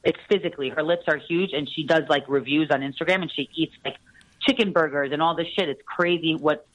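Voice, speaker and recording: A woman comedian with a raspy voice, chatting quickly and telling stories as a podcast guest. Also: low-pitched, steady tone, no room sound, highs cut off. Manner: fast chatty storytelling, plugging shows. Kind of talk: casual podcast chat.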